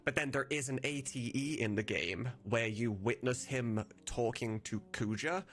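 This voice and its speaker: Male host and modder, mid-pitched, conversational, explains with restarts. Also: unhurried, a bit bright. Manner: explains with restarts and fillers, chuckles. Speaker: mod creator, host. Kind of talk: casual chat.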